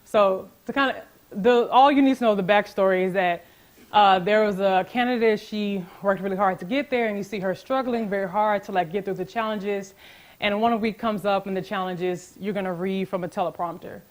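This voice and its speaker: A young woman presents to her class in a loose, chatty way, filling her talk with likes and ums and laughing between points. Her voice sits at an ordinary middle pitch. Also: fairly even intonation, fairly quick. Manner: chatty, full of fillers and laughs. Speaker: student presenter. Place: lecture classroom.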